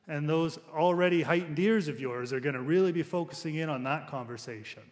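A man's voice: a little high, a little fast. Conversational male preacher in a reverberant hall. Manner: conversational preaching with frequent restarts. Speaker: pastor. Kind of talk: sermon.

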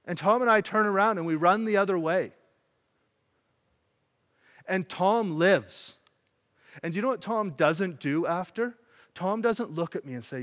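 Animated male preacher in a reverberant hall. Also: high-pitched, unhurried, long pauses. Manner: animated, acts out quoted voices. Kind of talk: sermon.

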